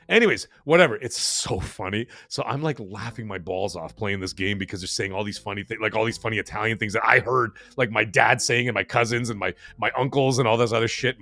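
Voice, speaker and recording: A man hosting a live stream and reading out the chat. He talks fast and rambles, with lots of fillers and restarts. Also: lowish voice, sharp tone. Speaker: livestream host reading chat.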